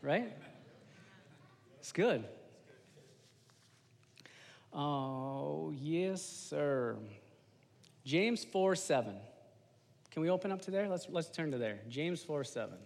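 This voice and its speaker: A man in his thirties preaches in a loose, animated, slangy way, often talking straight to his congregation. His voice sits fairly high for a man. It carries a long reverb from a church hall. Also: takes it slowly, vocal fry, pauses often. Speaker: lay preacher giving a testimony. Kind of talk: informal sermon.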